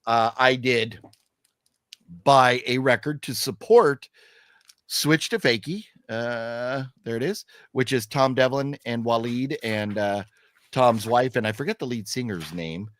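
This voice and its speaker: A man's voice: mid-range voice, a little slow, dry recording. An older man co-hosting a live stream, reading chat comments aloud and joking casually. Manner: lively, reads chat comments aloud, jokey. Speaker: co-host. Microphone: streaming setup.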